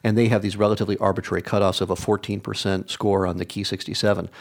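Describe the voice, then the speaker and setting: Measured oncologist, low voice. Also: male voice, little pitch movement, vocal fry. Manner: measured, technical, explains carefully. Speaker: oncologist guest. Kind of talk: expert interview answers.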